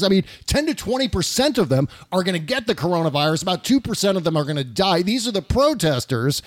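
A man's voice: high-pitched, dry recording. A man hosting a political talk show, ranting passionately in casual talk and swearing now and then.

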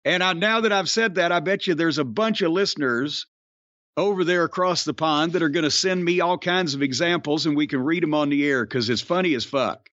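A man's voice: on the high side, fairly quick, fairly bright tone, no echo. A man hosting a podcast, rambling and wisecracking with plenty of swearing. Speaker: podcast host. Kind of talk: casual podcast talk. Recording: dry, dull lo-fi sound.

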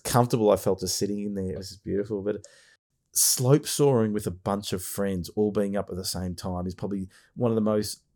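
A man hosts a casual podcast chat in a fairly low, mellow voice. He talks with eager enthusiasm, rambling and restarting his sentences as he goes. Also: steady tone, fairly quick. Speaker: podcast host.

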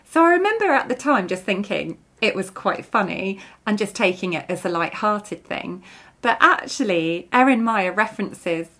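A woman's voice: medium pitch, big pitch swings, moderate pace, bright, forceful tone. A woman in her thirties hosting a podcast, talking through a book she recommends in a chatty, friendly way. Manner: chatty, breaks into giggles while reading aloud. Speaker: podcast host. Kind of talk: book review monologue.

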